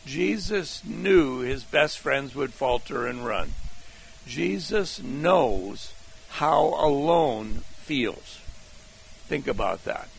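A man preaching slowly from a sermon outline and repeating key phrases, then reading scripture aloud. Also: medium pitch, animated, vocal fry, a little hiss or hum, poor audio. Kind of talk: slow scripture teaching from an outline.

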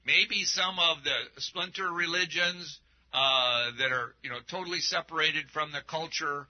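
Male pastor, fairly high voice, unhurried and rambling sermon delivery, muffled lo-fi audio. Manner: conversational, rambling with restarts and asides.

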